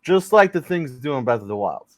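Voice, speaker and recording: A man co-hosting a casual gaming news show, excitable and cursing while he tells stories. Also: medium pitch, brisk, no room sound. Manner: lively, swearing, excitable storyteller. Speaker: podcast co-host.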